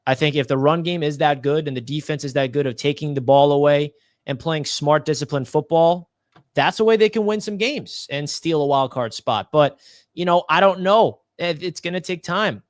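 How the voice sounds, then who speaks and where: A man's voice: on the high side, moderate pace, dry recording. Emphatic man talking football, dry mic. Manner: confident, emphatic analysis. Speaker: Jets fan panelist. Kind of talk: casual podcast discussion.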